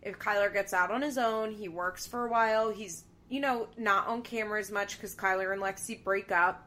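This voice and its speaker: A woman co-hosting a podcast, chatting casually and loosely. Her voice sits at a middle pitch, and her talk is full of fillers and easy laughter. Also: steady tone, normal speed, fairly bright tone. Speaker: podcast co-host. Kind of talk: casual chat recapping a reality show.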